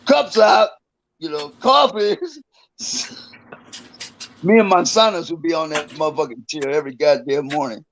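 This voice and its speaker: A man's voice: fairly high pitch, measured pace, long pauses, slight background noise, low-quality recording. An older man in a casual interview, telling rambling, profane stories about his past and chuckling between them. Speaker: interview guest, former prisoner.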